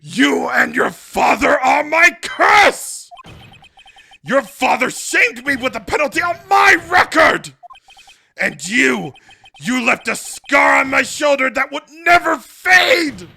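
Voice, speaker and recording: Streamer doing a screaming old villain prosecutor, gravelly, bright edge, faint game music behind. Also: high voice, sing-song, slow, voice pushed up, full character voice. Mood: raging. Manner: roaring, ranting threats. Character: furious old male prosecutor villain, vengeful. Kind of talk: reading game dialogue aloud.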